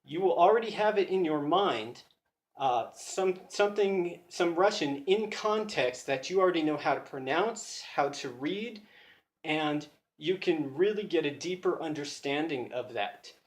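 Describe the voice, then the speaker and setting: American guy, slightly high voice, earnest and thinking aloud as he explains study tips, echoey phone recording. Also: expressive, unhurried. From United States. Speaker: language learner sharing study tips. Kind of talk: casual explanatory video talk.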